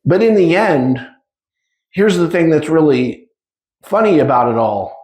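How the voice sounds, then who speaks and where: A man's voice: on the high side, very animated, measured pace, long pauses, darkish tone. A man in his fifties giving an informal spiritual talk to a live audience, speaking conversationally and acting out little dialogues. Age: 50s. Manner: conversational, acts out dialogue with shifting speed. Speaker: spiritual teacher. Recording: roomy echo.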